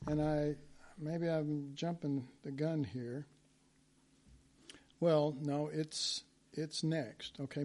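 A man's voice: on the high side, a little mellow. A man preaching a sermon in a conversational way, acting out biblical quotes as he goes.

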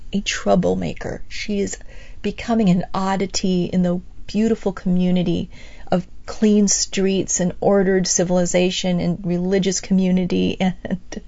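A woman teaches from the Bible in a sermon style, her voice carrying a gravelly fry. She acts out the people she quotes and laughs between phrases. The recording is dull and lo-fi, with a dry sound and no room echo. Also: lowish voice. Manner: animated, acts out quoted speakers.

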